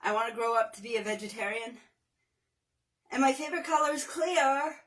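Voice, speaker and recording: A woman hosts a casual livestream workout, chatting and joking with viewers, counting reps aloud as she exercises, sometimes strained, and breaking into playful off-key singing. Her fairly high voice is a bit bright and a little fast, and she's far from the mic.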